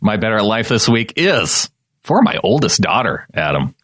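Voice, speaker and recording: Man, podcast co-host, lively swinging pitch, dry close mic, jokey banter with frequent laughs. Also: normal speed, slightly rough, no echo. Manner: jokey, laughs often, acts out quoted lines. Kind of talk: casual chat.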